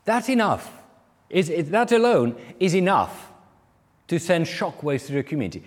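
A man delivers a sermon, working through a parable and slipping into the voices of the people he quotes. His voice sits fairly high. The sound carries a long reverb, as in a large hall. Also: big pitch swings, normal speed. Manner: explanatory, acts out quoted speakers. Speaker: preacher.

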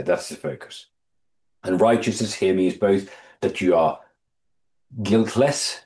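Low-voiced man teaching a Bible study. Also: darkish tone. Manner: thoughtful, halting restarts, reads scripture aloud and quizzes listeners. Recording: echoey room.

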